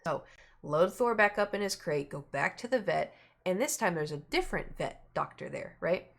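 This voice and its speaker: A woman's voice: lively intonation, moderate pace, vocal fry. A woman streamer chatting casually, rambling through a long story and acting out the people in it. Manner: chatty, rambling, acts out quoted people with raised pitch.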